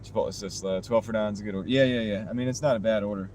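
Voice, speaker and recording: This time the man rattles along very fast in a lowish, slightly mellow voice with fairly even intonation. He chats with his live-stream audience while driving for a delivery app, his wireless clip-on mic catching a bit of road noise.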